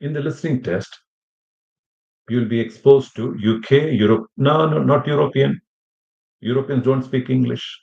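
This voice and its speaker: With a medium-pitched, darkish voice carrying vocal fry, a male language teacher lectures at a moderate pace with long pauses. He rambles, restarts and fills gaps, checking in with students by asking questions. The recording has room echo and muffled sound.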